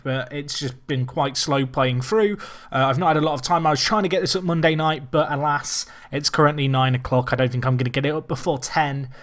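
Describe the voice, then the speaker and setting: A young man chatting excitedly as he commentates his own football management game. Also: fairly high pitch. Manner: excitable, chatty, self-deprecating. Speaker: let's play host.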